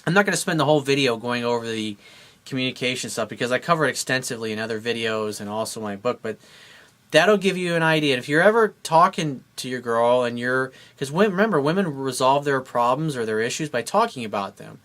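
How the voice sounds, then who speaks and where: A man's voice: mid-range voice, expressive, fast, fairly bright tone. A man giving blunt, emphatic relationship advice as a dating coach, speaking straight to his viewers. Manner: blunt, emphatic, acts out both sides of a couple's talk. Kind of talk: direct-to-camera advice monologue.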